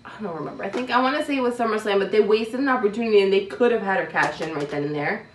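A woman's voice: mid-range voice, rapid-fire, a little hiss or hum. A woman co-hosting a podcast, chatting casually and with strong opinions, laughing often. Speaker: podcast co-host. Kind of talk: casual wrestling chat. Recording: roomy, distant mic.

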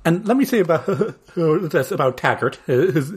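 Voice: mid-range voice, animated, a little slow, noisy background. A podcast co-host in casual chat, laughing while making points about a film.

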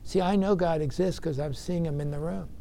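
A man's voice: a little high, fairly even intonation, a little fast, vocal fry, dark tone. A man giving an earnest recovery meeting talk, telling his story with emphatic bursts. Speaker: speaker sharing recovery experience.

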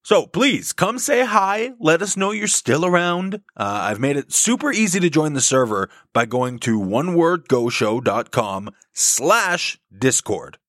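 A male podcast host reading a scripted update in his best radio voice. His pitch bounces all over the place, he stretches his emphasis words out, and the sound is dry and close. The delivery is eager and performed, never flat. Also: dry recording. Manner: put-on radio announcer voice; lively, drawn-out emphasis on key words.

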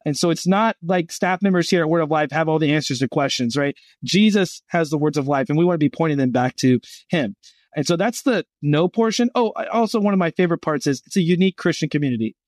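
A middle-aged man speaks as a guest on a podcast, his voice sitting slightly high for a man. He tells his stories with energy and acts out the voices of the people in them. The sound is dry and close, with little room around it. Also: quick pace, no room sound. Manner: animated storyteller acting out quoted voices. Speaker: guest speaking for a Christian gap year college. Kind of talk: storytelling in a podcast interview.

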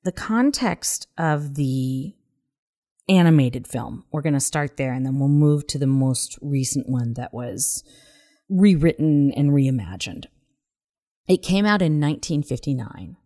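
Low-pitched and dark, her voice carries lively intonation at an unhurried pace. She's a woman with a Southern accent co-hosting a podcast, chatting casually and earnestly and occasionally whispering.

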